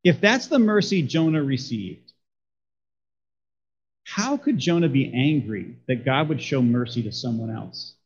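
A man's voice: mid-range voice, expressive, measured pace, highs cut off. A man preaching a sermon as a pastor, talking conversationally and putting questions to his congregation.

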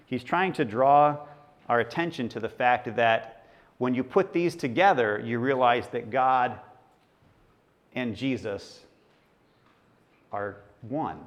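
A man's voice: medium pitch, takes it slowly, pauses often. Conversational preacher man teaching scripture. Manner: conversational, asks the congregation questions. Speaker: pastor. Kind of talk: sermon.

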